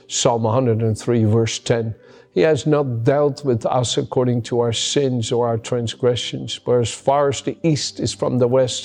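A pastor preaches a sermon that includes a personal story, earnest and emphatic, often repeating his key words. His voice is medium-pitched, gravelly, and darkish in tone.

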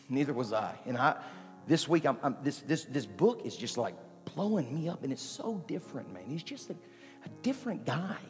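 A man preaching a sermon as pastor, animated and moving between quiet talk and shouting. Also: mid-range voice. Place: church sanctuary. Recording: long hall reverb with faint music.

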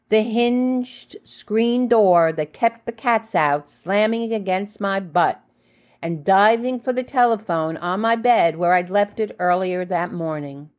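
A woman reading her own memoir in the first person, with measured, reflective storytelling. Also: medium pitch. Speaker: memoir narrator.

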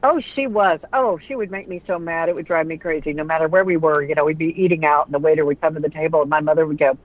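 A middle-aged woman, a radio personality and author, telling lively stories in an interview and acting out the voices of people she quotes. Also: sits low, quick pace. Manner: animated storyteller who acts out quoted voices. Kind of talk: conversational storytelling interview. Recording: tinny phone-like line, dry.

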